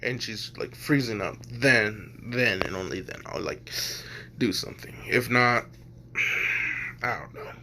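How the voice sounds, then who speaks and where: A man's voice: on the low side, slow pace, long pauses, bright, forceful tone, slight background noise, exaggerated voice. A man voicing a blunt, cool teenage boy hero. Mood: laid-back. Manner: curt, casual slang, swears.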